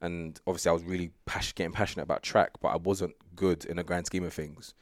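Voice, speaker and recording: A man's voice: low voice, fast, no room sound, studio quality. A young man, chatting loosely as an interview guest, with plenty of fillers. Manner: relaxed, rambling, full of fillers and laughs. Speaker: guest sprinter. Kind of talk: casual interview chat.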